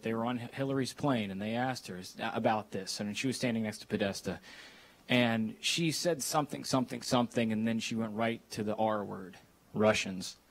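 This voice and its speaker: A man in the audience asking a long question, hesitant and rambling. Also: mid-range voice.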